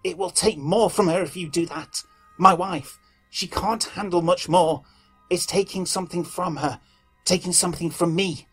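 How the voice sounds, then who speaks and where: A man's voice: a little high, normal speed, slightly rough, faint music behind. A man voicing a terrified husband on the phone, pleading and cracking under strain. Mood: frantic. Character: frantic, terrified middle-aged husband on the phone.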